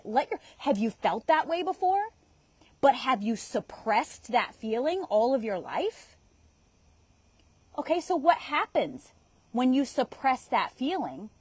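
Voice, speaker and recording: A woman's voice: sits high, dry recording, rough recording. A woman guiding an EFT tapping session outdoors, talking casually, swearing freely and laughing often. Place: outdoors in a yard at dusk.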